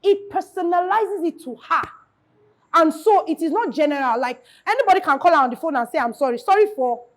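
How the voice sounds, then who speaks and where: High, lively-voiced woman advising. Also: brisk. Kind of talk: panel discussion.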